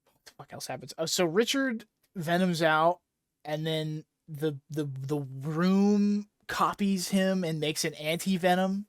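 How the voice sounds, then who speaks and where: A man's voice: on the high side, a little slow, smooth, dry recording, clean studio sound. A man co-hosting a podcast, casually recapping a comic plot in a rambling, profane way with lots of fillers. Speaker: podcast co-host. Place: podcast recording setup. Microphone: podcast microphone.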